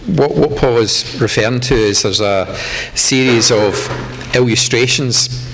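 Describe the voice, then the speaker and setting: A man's voice: mid-range voice, a little slow, fairly bright tone, a little hiss or hum, rough recording. A man speaking on an art panel in a gallery, talking loosely with many fillers and restarts. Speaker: panel artist. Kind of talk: panel discussion. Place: gallery room.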